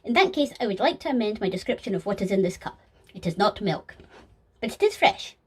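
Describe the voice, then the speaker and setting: A woman's voice: medium pitch, very animated, husky. A woman voicing a sly, polished male deceiver who talks formally with dry sarcasm in a fan audio sketch. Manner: formal, measured, dryly sarcastic.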